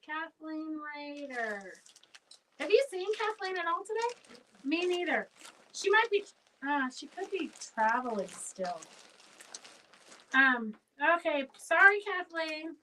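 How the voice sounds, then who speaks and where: A woman's voice: high voice, very animated, takes it slowly, pushed and bright, distant mic, a little hiss or hum, poor audio. A woman who owns a fabric shop hosts a live sale stream, chatting in a rambling way and calling out auction winners by name.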